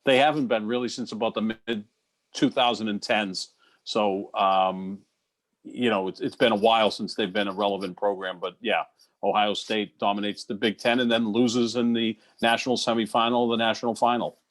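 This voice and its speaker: A man's voice: fairly low pitch, steady tone, normal speed. A man co-hosting a sports podcast, agreeable and easygoing, explaining points at length. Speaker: podcast co-host. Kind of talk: casual sports podcast chat.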